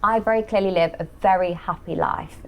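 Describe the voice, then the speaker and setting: A woman's voice: medium pitch, fairly quick, a little hiss or hum. A woman speaking frankly and with self-assurance as a guest in an interview conversation.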